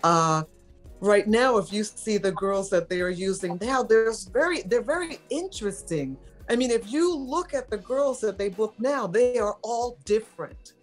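A woman's voice: mid-range voice, normal speed, soft background music. A middle-aged woman from New York, a model telling stories in a casual interview and acting out the voices she quotes. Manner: animated storyteller, acts out quoted voices.

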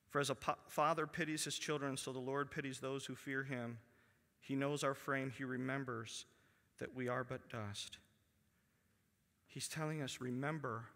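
A pastor preaching a sermon to his congregation. He reads scripture aloud and drops to a hushed voice for emphasis. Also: mid-range voice, fairly even intonation, normal speed. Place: church sanctuary. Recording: long church hall reverb.

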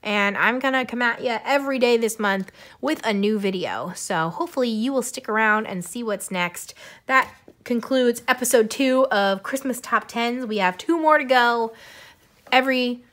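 Bright, chatty young woman vlogger. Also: a little high, normal speed. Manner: chatty, giggly, rambling. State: coughing, tiring voice. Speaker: YouTuber. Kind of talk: casual chat to camera.

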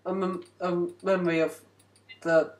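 A man's voice: high-pitched, flat delivery, unhurried. A man hosting a casual gameplay video, rambling and joking with frequent self-interruptions. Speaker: game video host.

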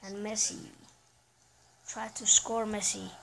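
Her medium-pitched voice is level, slow, and creaky, with a fairly bright tone, as she casually comments on a soccer video game for her gaming channel. She reacts aloud to each play and often trails off. The audio is poor, with some hiss or hum.

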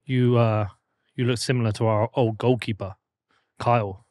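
A man's voice: mid-range voice, steady tone, moderate pace, darkish tone, no echo. A man with an English accent trading comedic interview banter. His replies come out dry, blunt and unimpressed. The sound is close and dead, with no room around it. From England. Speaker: interview guest.

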